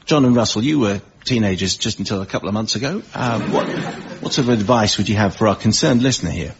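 A man's voice: fairly low pitch, animated, noisy background. A man hosting a comedy panel show, reading out scores and a listener's letter. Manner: brisk, reads scores and letters. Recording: dull broadcast audio with audience.

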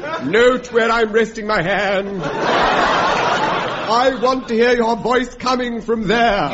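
A man's voice: extremely high pitch, slow, a loud crowd, heavy background noise. An actor playing a fussy, prim male elocution teacher who gives precise instructions, in a radio comedy. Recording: dull radio recording, loud audience laughter.

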